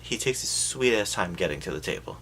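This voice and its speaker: A man giving a sarcastic, profane comedic recap of a film, jumping into quick voices for the characters. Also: low voice, animated, very noisy.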